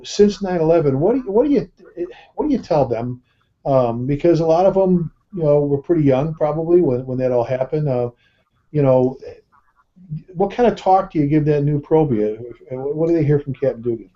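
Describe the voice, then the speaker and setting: A male host of a panel talk who stammers and repeats words as he starts his questions. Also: on the high side. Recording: muffled lo-fi web call audio.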